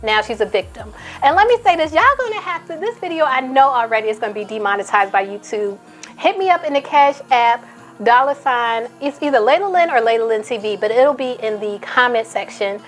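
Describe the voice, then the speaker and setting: Emphatic female commentator, higher register, faint music underneath; casual, opinionated delivery. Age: adult, a mother. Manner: outspoken, emphatic, repeats for emphasis. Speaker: commentary YouTuber. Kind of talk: casual commentary, reading tweets aloud.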